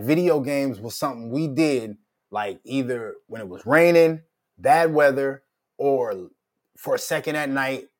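Middle-aged male podcast host, middle pitch, loud profane ranter. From Minnesota. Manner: profane, heated, loud rants. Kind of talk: casual ranting commentary.

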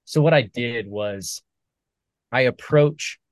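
A man, a military veteran and author, talking earnestly as a podcast guest, animated when he quotes other people. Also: medium pitch, takes it slowly, dry recording. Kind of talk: conversational storytelling.

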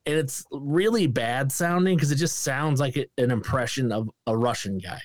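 Profane, animated man reviewing a movie. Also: mid-range voice, normal speed, no room sound, studio quality. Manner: profane, animated, mimics lines with bursts of voices. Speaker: podcast co-host. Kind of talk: casual movie review chat.

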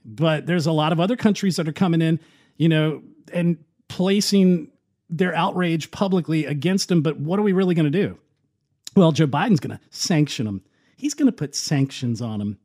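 A man delivers opinionated political commentary in a loose, conversational way. His voice sits a little high, and he talks with a sarcastic, scoffing edge. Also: moderate pace, darkish tone. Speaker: commentary show host.

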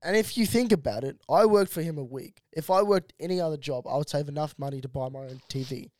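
A man's voice: fairly high pitch, fast talker, a little mellow, no room sound, clean studio sound. A man in his twenties, a podcast co-host, chatting loosely and swearing freely. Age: 20s. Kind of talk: casual chat.

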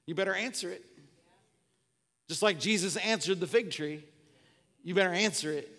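A male pastor preaching a sermon with passion, repeating refrains and building up to shouts. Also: a little high, animated, brisk, pauses often, long reverb tail. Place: church sanctuary.

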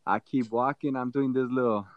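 A young man on a podcast telling a funny personal story in a casual, animated way, acting out what people said. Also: medium pitch, moderate pace, no echo. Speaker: podcast co-host. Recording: dull, dry sound.

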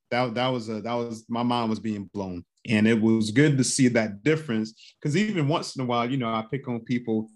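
A man from North Carolina hosting a podcast, relaxed and folksy in casual conversation. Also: mid-range voice, a little fast, few pauses. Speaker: podcast host.

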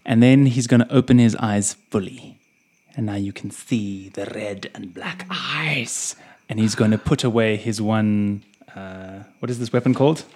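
A woman playing a tabletop role-playing game, describing her character's moves in a playful, animated way and laughing often. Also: a bass voice, unhurried, slightly rough. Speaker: player.

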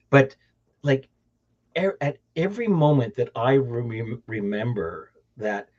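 Speaking slowly in a medium-pitched, slightly mellow voice, a podcast host with a Canadian accent meanders through a relaxed conversation. He restarts his sentences and laughs readily, and the audio quality is dull and lo-fi.

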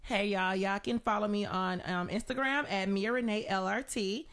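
A woman guest in casual podcast chat, amused and relaxed. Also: mid-range voice, moderate pace.

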